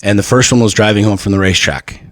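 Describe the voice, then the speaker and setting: A man's voice: fairly low pitch, fast, no echo, studio quality. A man guest on a podcast telling personal stories bluntly, with lots of swearing and repeated words. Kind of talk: candid personal storytelling.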